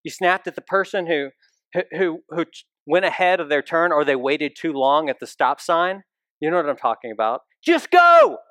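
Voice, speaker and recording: A man's voice: fairly high pitch, normal speed, fairly bright tone, no room sound, clean studio sound. A man preaching a sermon as pastor, talking conversationally and putting direct questions to his listeners.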